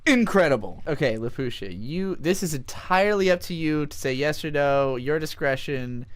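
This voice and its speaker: A man reads jokes aloud on stream and adds sardonic, sweary asides. His voice is smooth and resonant. The sound is dry and close, with no room echo. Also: on the high side, moderate pace. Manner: sardonic, swears, laughs while reading. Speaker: streamer reading a viewer's request. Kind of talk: casual reading with commentary.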